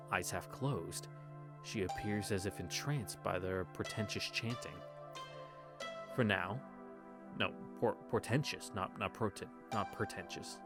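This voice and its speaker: Low-voiced man reading a story aloud. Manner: stumbles on words and corrects himself with wry asides; swears casually in asides. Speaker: reader of a visual novel. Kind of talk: casual read-through of a story.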